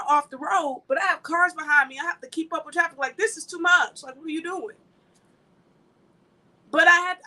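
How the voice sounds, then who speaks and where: Woman minister, high bright voice, emphatic and chatty, mixes preaching with personal stories. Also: poor audio. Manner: emphatic, conversational, laughs while telling stories. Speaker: ministry speaker. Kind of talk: informal sermon with personal anecdotes.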